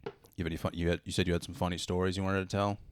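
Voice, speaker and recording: Very deep, fast-talking man. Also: little pitch movement, a little hiss or hum. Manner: short prompts and reactions, laid-back. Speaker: podcast host. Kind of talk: casual chat.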